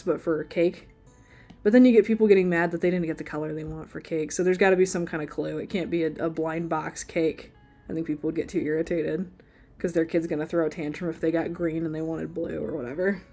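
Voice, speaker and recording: Drawing on a live stream, a woman talks with her audience in a loose, playful, wandering way, laughing frequently. She has a fairly low, slightly mellow voice.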